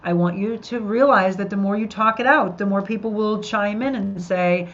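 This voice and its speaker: A woman's voice: medium pitch, moderate pace. A middle-aged woman hosting a podcast, chatting upbeat and talking straight to her listeners. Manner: upbeat, addresses listeners directly. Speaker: podcast host. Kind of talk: live podcast chat with viewers. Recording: dull lo-fi sound.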